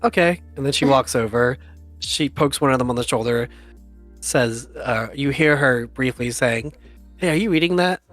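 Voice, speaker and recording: A man narrating as game master for a tabletop game, relaxed and often chuckling, with lots of fillers. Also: mid-range voice, moderate pace, no echo, soft background music.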